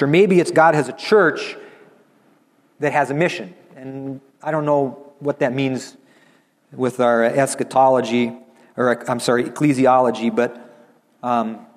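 A middle-aged man preaching a sermon as a missionary speaker, earnest and building into impassioned repetition. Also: medium pitch. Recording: long reverb of a large hall.

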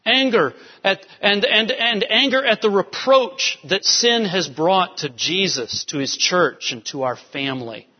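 Man, high pitch, pastor delivering an emphatic sermon, dull recording in a large church hall. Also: unhurried, hardly any pauses, slightly rough. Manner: emphatic preaching, rising to urgent peaks. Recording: dull sound with long hall reverb.

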